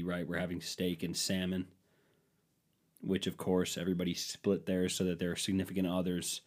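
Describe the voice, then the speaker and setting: Lowish-voiced guy ranting on his podcast, swears a lot, sarcastic, storytelling. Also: darkish tone. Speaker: podcast host. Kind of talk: solo podcast rant.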